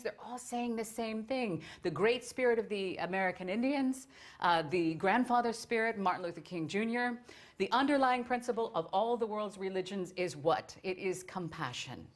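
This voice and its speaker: A woman speaker on theosophy giving an informal lecture, enthusiastic and digressive, with many fillers. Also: a little high.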